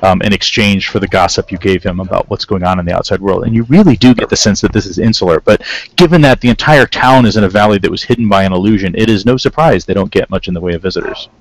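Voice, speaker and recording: A man running a tabletop game as game master, narrating in a relaxed, rambling way. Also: on the low side, fast, few pauses, low-quality recording.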